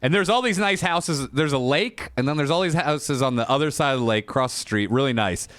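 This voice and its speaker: A man co-hosting a comedy podcast, telling crude stories in a casual, deadpan way. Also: medium pitch, brisk, no echo. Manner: crude, deadpan storytelling with acted quotes. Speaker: podcast co-host.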